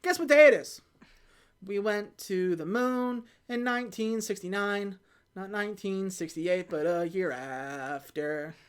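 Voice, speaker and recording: A woman hosting a podcast, casually retelling a film plot and quickly acting out the characters' lines. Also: medium pitch, smooth. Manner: animated retelling with quick put-on quotes. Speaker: podcast host. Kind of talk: casual movie recap chat.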